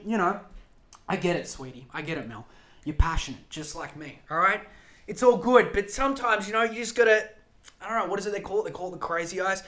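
A young man hosting a podcast, ranting in a casual, rambling way with lots of swearing and restarts. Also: high-pitched. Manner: rambling, profane, animated, self-interrupting. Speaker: podcast host.

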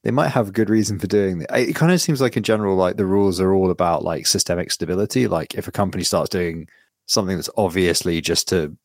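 This podcast co-host has a low voice and talks fast, recorded at studio quality with no room echo. His casual chat is rambling and sweary, full of lively storytelling.

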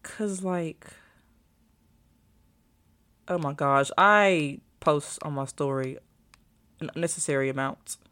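A woman's voice: sits low, measured pace, fairly bright tone. A young adult woman, a college student, chatting casually to her viewers, rambling and thinking aloud while she searches her phone. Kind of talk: casual vlog chat to viewers.

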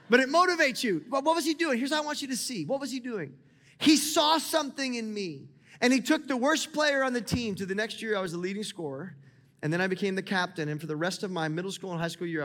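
A man in his thirties, a pastor, preaching a sermon to a congregation in a lively, conversational way, often calling on them to listen. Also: extremely high pitch. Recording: long hall reverb.

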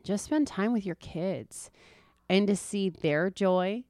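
A woman's voice: medium pitch, slow, a little mellow, no room sound, clean studio sound. A woman in her thirties co-hosting a casual faith podcast, telling stories earnestly. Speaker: podcast co-host.

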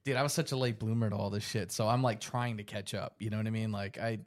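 A man's voice: fairly low pitch, quick pace. A man hosting a casual podcast chat, swearing freely and acting out quotes as he tells stories. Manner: swears freely, animated storytelling with voiced quotes. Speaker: podcast host.

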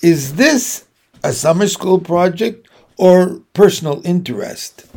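A man's voice: high voice, lively intonation, takes it slowly, a little mellow, voice pushed up, exaggerated voice. A man reading aloud, voicing a grumpy, curt male librarian in a storybook. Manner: curt, grudging. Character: grumpy gruff male small-town librarian.

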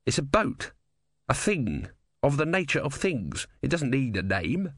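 A man's voice: medium pitch, big pitch swings, measured pace, fairly bright tone, dry recording, studio quality, pitched above the performer's own voice, heavily acted. A man voicing a practical, enthusiastic engineer who talks in a literal, matter-of-fact way in a storybook reading.

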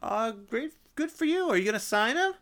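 A man rambling in a casual vlog monologue, swearing and cutting himself off, in an unusually high, strained voice. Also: animated, moderate pace, a bit bright. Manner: rambling, swearing, self-interrupting. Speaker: vlogger.

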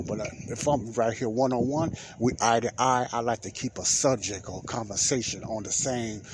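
A man's voice: mid-range voice, noisy background. A man hosting a podcast, telling a casual story in a rambling way that keeps circling back with "well, anyway.". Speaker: podcast host.

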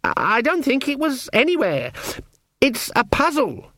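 An earnest young wizard, as a male narrator puts him on, pitched high and eager, quick to get exasperated. His voice leaps around and sits close and dry. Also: huge pitch swings, sharp tone, no room sound, full character voice.

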